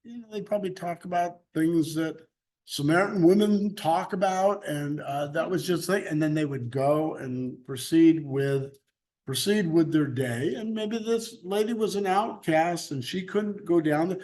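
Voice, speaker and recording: Bible class teacher, man, slightly high voice, slow and chatty. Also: darkish tone. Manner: chatty, laughs easily, loose restarts. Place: church classroom.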